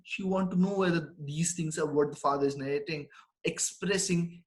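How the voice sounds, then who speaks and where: A male teacher works through a prose text line by line, reading each phrase and then restating it in simple words. His voice sits a little high for a man, and the recording has a roomy echo. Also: sharp tone. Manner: reads a line, then paraphrases it simply and repeats it. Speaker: English teacher. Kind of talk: line-by-line literature lecture. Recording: echoey room.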